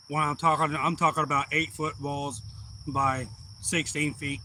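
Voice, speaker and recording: A man's voice: a little high, pushed and bright, slight background noise, poor audio. A man, telling a rambling, profane story in a casual live-stream chat. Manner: rambling, blunt and profane, with heated retelling.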